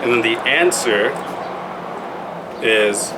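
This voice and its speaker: A man's voice: medium pitch, takes it slowly. Patient man teaching a group, room hum. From Yakima Valley, Washington. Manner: patient, asks the group questions and spells words out letter by letter. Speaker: language presenter. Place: indoor room at a public museum event.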